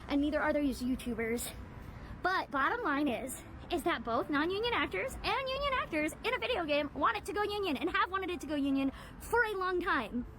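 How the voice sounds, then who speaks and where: A woman's voice: extremely high pitch, lively intonation, fairly quick, a bit bright, faint music behind. A woman voice actor giving her blunt, emphatic opinion in a played video clip.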